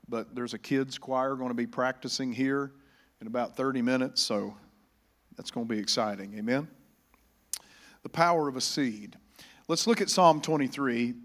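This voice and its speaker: A man preaching a sermon in a church, getting louder on scripture and calling the congregation to repeat after him. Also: mid-range voice. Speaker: pastor.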